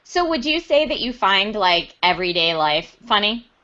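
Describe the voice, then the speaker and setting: A woman's voice: medium pitch, big pitch swings, normal speed, sharp tone, dull audio, a little hiss or hum. A woman hosting a casual chat show, bubbly and upbeat. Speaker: podcast host.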